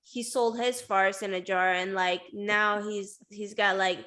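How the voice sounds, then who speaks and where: A woman's voice: mid-range voice, steady tone, unhurried, fairly bright tone. A woman hosting a casual interview, chatty and giggly, with lots of filler words. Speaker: host.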